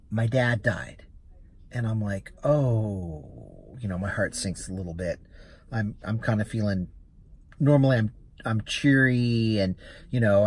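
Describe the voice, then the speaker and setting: A man's voice: on the low side, darkish tone, breathy edge. A man, a rideshare driver and vlogger, chatting casually as he recounts a story with quoted dialogue.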